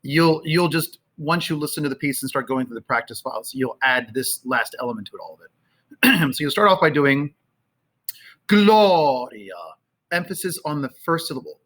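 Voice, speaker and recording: A man teaching a choir, talking casually and singing out phrases slowly to show how they go. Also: on the high side, sharp tone. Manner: sings and chants phrases slowly to demonstrate; conversational with fillers. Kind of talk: choral rehearsal instruction. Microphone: camera, sometimes moving off it.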